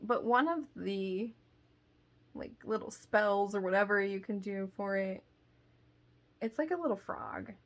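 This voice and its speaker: A young woman vlogger telling a rambling story in casual chat, full of fillers and little laughs. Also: mid-range voice. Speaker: crochet vlogger.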